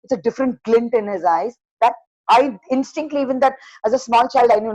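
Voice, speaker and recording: Brief: older woman storyteller on a video call, slightly high voice, close and dry, a little dull, hushed and animated. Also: quick pace, no echo. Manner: animated, acts out dialogue in a hushed voice. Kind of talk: first-person horror story at an open mic.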